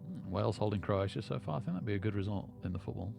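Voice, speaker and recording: Chatty man with lively, animated pitch. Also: rapid-fire, vocal fry, music in the background. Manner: rambling, repeats words when starting sentences. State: lightheaded. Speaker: poker streamer. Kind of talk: casual live-stream chat.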